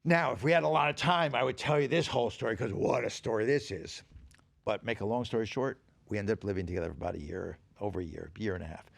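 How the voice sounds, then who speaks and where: A man's voice: lowish voice, fast talker, vocal fry, dry recording. An older man, a podcast guest in a studio, telling rambling anecdotes in casual chat and acting out the dialogue.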